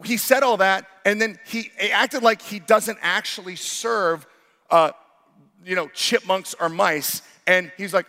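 A male pastor preaches, his high voice rising into loud exclamations and dropping to hushed, intimate passages. His tone is bright and forceful. The sound carries the long reverb of a large hall. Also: fairly even intonation, moderate pace. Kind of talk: sermon.

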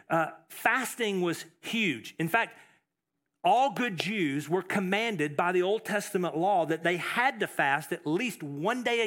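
High-voiced male pastor preaching. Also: a bit bright. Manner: emphatic, repeats phrases, many fillers and restarts. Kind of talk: sermon.

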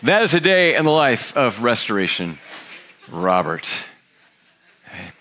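This middle-aged man, a pastor, speaks at a measured pace in a mid-range voice while preaching in a church auditorium. His sermon turns into lively storytelling, with him performing the voices of the people in the tale.

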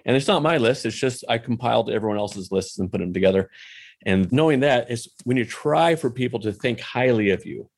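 A man's voice: medium pitch, expressive, brisk, gravelly. A man telling a personal faith story in a casual, candid way, poking fun at himself and dropping in lots of "you know" asides.

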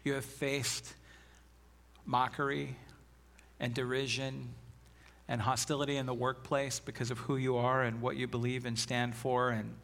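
A man's voice: mid-range voice, little pitch movement, a little slow, gravelly, fairly bright tone. A man preaching a sermon as pastor, earnest and emphatic, reading scripture aloud.

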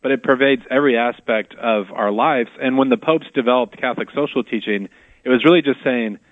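A man's voice: mid-range voice, a little fast, no room sound, narrow, tinny audio. A man co-hosting a Catholic radio talk show, speaking thoughtfully with frequent "like" fillers. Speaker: radio co-host. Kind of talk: casual faith discussion.

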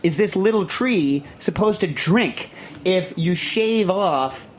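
A man hosting a casual radio chat show in a studio, talking in a rambling, emphatic, animated way. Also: sits high, slow pace, slight background noise.

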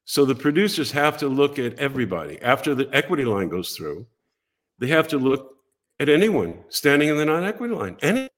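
Older man telling a lively, animated story. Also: medium pitch, fairly quick. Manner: lively storyteller acting out other people's lines. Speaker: podcast guest.

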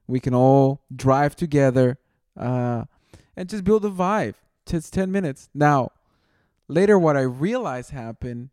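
A man's voice: medium pitch, dark tone, clean tone, no echo, clean studio sound. A young man telling a long story in casual chat, rambling and saying "dude" constantly, often laughing at himself.

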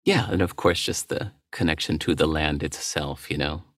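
Appearing as a podcast guest, a middle-aged writer and entrepreneur reflects candidly and thoughtfully, with small laughs and restarts. His voice is extremely low yet fairly bright in tone, delivered at a moderate pace in a dry, studio-quality recording.

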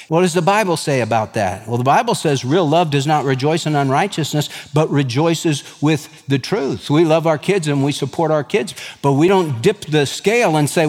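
A man's voice: fairly high pitch, moderate pace, a little mellow, long reverb tail. A man preaching a sermon as pastor, reading scripture aloud and explaining it with folksy, everyday asides.

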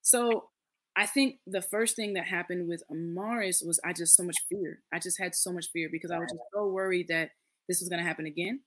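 A woman's voice: fairly low pitch, fairly even intonation, fairly quick. A woman in her late thirties, a podcast guest, telling a personal story in casual conversation, earnest and acting out the voices of others. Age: late 30s.

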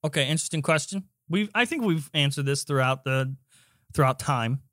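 Excitable young guy on a podcast. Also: on the high side, brisk, no room sound. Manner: excitable, voice jumps up when emphatic. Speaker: podcast co-host. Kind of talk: casual chat. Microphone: close podcast mic, dry.

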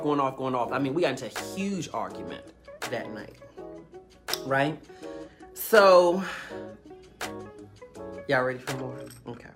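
Low-voiced woman telling a casual story over music. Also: lively intonation, unhurried, long pauses. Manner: chatty, rambling, many fillers and restarts. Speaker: livestream host telling a story. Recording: music playing in the background.

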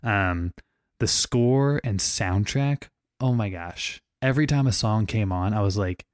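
A man in his late twenties co-hosting a podcast, reviewing a film in a relaxed, upbeat way with many pauses to think. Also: on the low side, no room sound, clean studio sound. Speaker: podcast co-host. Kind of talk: casual film review chat.

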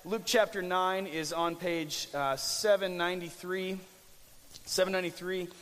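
A man's voice: high-pitched, fairly even intonation, unhurried, a bit bright, clean tone, in a large hall. A young man preaching a casual, conversational sermon as pastor, with restarts and jokey asides.

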